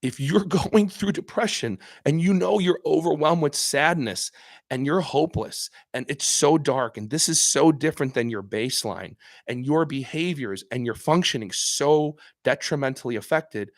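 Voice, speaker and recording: A man's voice: on the high side, moderate pace, no room sound, clean studio sound. A man hosting a casual live stream as a doctor, talking earnestly and with emphasis, often repeating and restarting his phrases. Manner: acts out patient voices in quotes. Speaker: psychiatrist host answering viewer questions.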